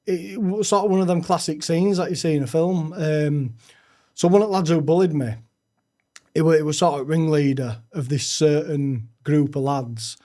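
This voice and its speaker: A young man, a podcast guest telling his own story frankly, with halting restarts. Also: a little high, warm tone. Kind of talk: candid personal storytelling.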